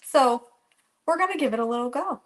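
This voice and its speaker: A woman's voice: sits high, lively intonation, fairly quick. Chatty woman hosting a cooking livestream. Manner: chatty, rambling, greets viewers by name. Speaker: cooking channel host. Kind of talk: live-streamed cooking chat. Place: home kitchen.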